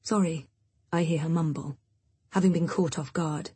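A woman reading a first-person audiobook in a quiet, intimate way. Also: sits low, fairly even intonation, normal speed, breathy edge, no room sound. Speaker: audiobook narrator.

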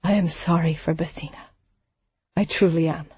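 A woman voicing a protective, gentle father. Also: medium pitch, animated, a little slow, breathy edge, no echo.

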